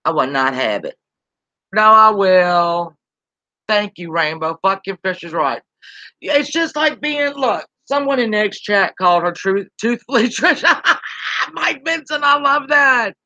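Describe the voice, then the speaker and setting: A woman's voice: medium pitch, very animated, normal speed, sharp tone, no echo, highs cut off. A woman, ranting bluntly and profanely on a live-stream while reading chat aloud. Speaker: YouTube commentary host.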